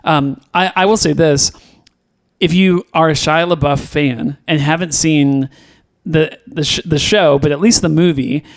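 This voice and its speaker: A man's voice: fairly high pitch, fairly even intonation, a little slow, gravelly. A man co-hosting a podcast, chatting casually and rambling through restarts and fillers. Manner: rambling, lots of restarts and fillers, laughs easily. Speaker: podcast co-host. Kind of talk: casual podcast review chat.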